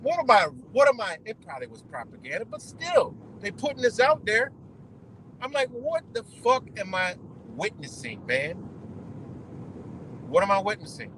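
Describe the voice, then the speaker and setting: Profane rambling man, high voice. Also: fairly bright tone, a little hiss or hum, poor audio. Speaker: livestream host. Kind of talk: casual ranting livestream.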